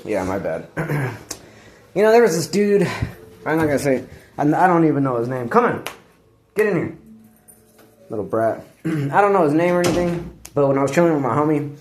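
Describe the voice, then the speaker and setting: A man's voice: mid-range voice, darkish tone. A man talking in a loose, rambling vlog monologue, slangy and profane, sometimes breaking off to scold his dog. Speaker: vlogger. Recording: echoey room.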